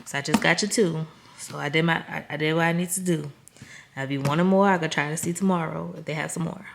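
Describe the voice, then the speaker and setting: A woman vlogger walks her viewers through a grocery haul in a low, gravelly voice, speaking fast with fairly even intonation. She's chatty, addresses them directly, and laughs at herself.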